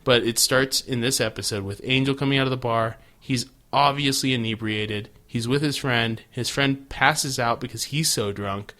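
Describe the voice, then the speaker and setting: A male podcast co-host in easygoing chat, recapping a show with crude jokes and running commentary. His voice sits in an ordinary middle pitch. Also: moderate pace, few pauses, a bit bright. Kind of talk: casual chat.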